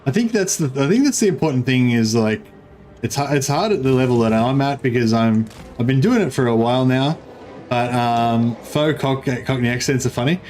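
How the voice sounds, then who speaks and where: A man's voice: medium pitch, a little fast, darkish tone, slight background noise. An Australian man streaming a strategy game, chatting casually and rambling with many fillers and restarts. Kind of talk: casual gaming livestream chat.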